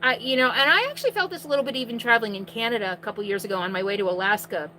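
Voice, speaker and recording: A woman with a high, bright voice runs a live question-and-answer stream from inside her RV. She talks in a chatty, loose way with restarts and projects loudly so her viewers can hear. A faint hum sits under her voice. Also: racing, low-quality recording. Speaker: RV vlogger hosting a live Q&A. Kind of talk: casual live-stream chat.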